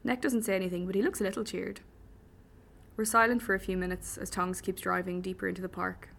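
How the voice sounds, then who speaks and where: A woman's voice: mid-range voice, flat delivery, quick pace, vocal fry, fairly bright tone. A woman reading a first-person story with dry humour. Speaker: audiobook narrator.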